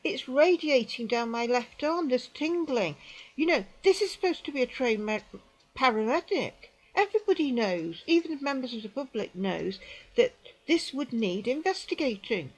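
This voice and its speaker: An older British woman speaks to camera in her sixties, her voice sitting somewhat high. She tells her story emphatically, repeating herself for stress and sometimes dropping to a quieter aside. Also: expressive, moderate pace, low-quality recording. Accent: British English. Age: 60s. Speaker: vlogger recounting an experience. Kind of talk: indignant personal account to camera.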